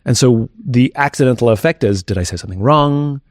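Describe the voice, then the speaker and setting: A man's voice: medium pitch, brisk, no room sound. A man speaks candidly as a guest in a conversational interview, thinking aloud in a reflective, open way. His voice sits in an ordinary middle register, and the recording is dry and close with no room sound.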